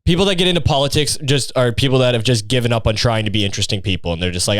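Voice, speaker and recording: A man's voice: medium pitch, rapid-fire, no room sound, studio quality. A young man hosting a podcast who tells a story casually, sardonic and profane, rambling as he goes. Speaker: podcast host.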